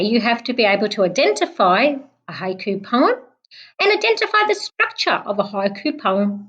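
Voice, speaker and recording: A young woman, a primary school teacher giving a recorded online lesson, explaining slowly and patiently. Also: mid-range voice, highs cut off. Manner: clear, slow, patient explaining, clapping out syllables.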